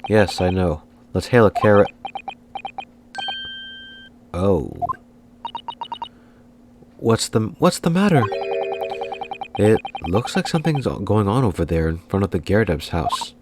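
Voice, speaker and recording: Deep-voiced man reading a game aloud. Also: big pitch swings, unhurried, long pauses, background noise. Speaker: let's-play host. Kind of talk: voicing a game while playing.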